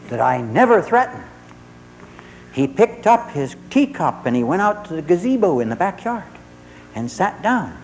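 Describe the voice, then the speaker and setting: Animated middle-aged man telling a story. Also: high-pitched, a little hiss or hum, low-quality recording. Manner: lively storyteller who acts out dialogue. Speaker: therapist. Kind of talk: humorous storytelling talk to an audience.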